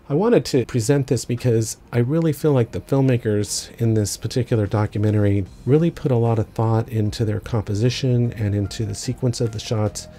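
A film school instructor with a mellow, mid-range voice explains a filmmaking technique step by step in lesson narration, adding casual asides along the way.

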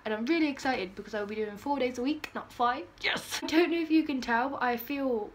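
A woman's voice: high-pitched, brisk, slight background noise. A teenage girl, chatting casually in a bubbly, giggly vlog style with dramatic outbursts. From United Kingdom. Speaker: vlogger.

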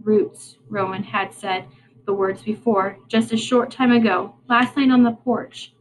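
Slow-reading woman teacher. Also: medium pitch, fairly even intonation, slight background noise, poor audio. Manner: unhurried, plain reading with small slips and restarts. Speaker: teacher reading aloud to a class. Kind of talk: reading a novel aloud.

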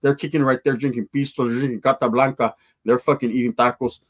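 A man's voice: medium pitch, little pitch movement, fast. A man telling a profane, slangy street story to his live chat.

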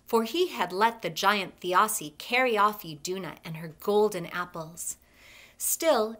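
Brief: library storyteller, woman, measured expressive read-aloud. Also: fairly low pitch.

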